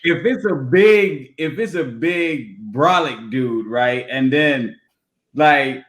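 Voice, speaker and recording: Slow-talking joking male co-host. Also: medium pitch, lively intonation, noisy background. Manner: joking, laughs often, slow repetitive build-ups. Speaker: podcast co-host. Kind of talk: casual debate chat.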